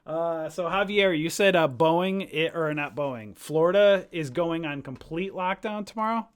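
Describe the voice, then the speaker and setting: A man's voice: fairly high pitch, normal speed, smooth. A man casually hosting a live stock-trading stream, chatty and jokey, rambling as he talks.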